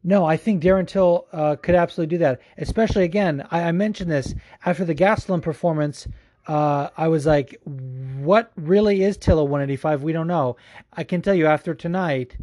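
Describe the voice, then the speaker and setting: Man, podcast host, casual solo chat, profane, rambling, mellow tone, slightly high voice. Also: a little fast. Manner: profane, rambling, laughs often, many restarts. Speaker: podcast host answering listener questions.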